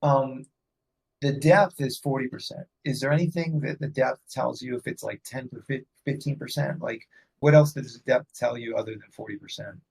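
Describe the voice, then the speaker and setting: A man's voice: mid-range voice, normal speed, creaky, darkish tone, husky, poor audio. A man co-hosting a casual trading discussion, asking probing questions.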